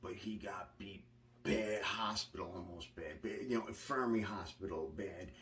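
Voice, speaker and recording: Blunt, cursing New man, low voice. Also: moderate pace, fairly bright tone, recorded from a distance, slight background noise. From Long Island, New York. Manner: blunt, profane, rambling with restarts. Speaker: vlogger recounting prison experiences. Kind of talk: casual storytelling monologue.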